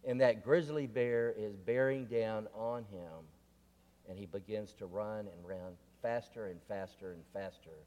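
Male preacher, low and unhurried, deliberate sermon delivery, long reverb. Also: darkish tone, lo-fi sound. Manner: deliberate, repetitive questioning. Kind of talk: sermon with storytelling. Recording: long reverb of a large room.

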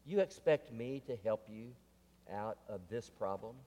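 A man's voice: on the low side, lively intonation, unhurried, mellow, long reverb tail. A man voicing God as a stern presence who rebukes a frightened man, in a joke told from the pulpit. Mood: reproachful. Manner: stern, reproachful.

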